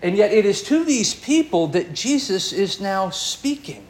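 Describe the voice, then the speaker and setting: A man preaching a sermon, delivering it expressively, his voice swinging up and down with dramatic pauses. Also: high-pitched, very animated. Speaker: pastor.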